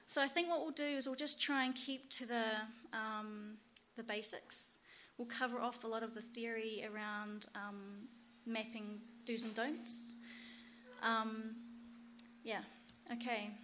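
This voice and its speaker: A woman with a New Zealand accent teaches a conference workshop, her voice sitting a little high. She stops often on "um" and restarts her sentences. A faint hiss runs under the recording. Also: steady tone, measured pace, a bit bright. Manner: hesitant, many ums. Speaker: workshop instructor. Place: conference room.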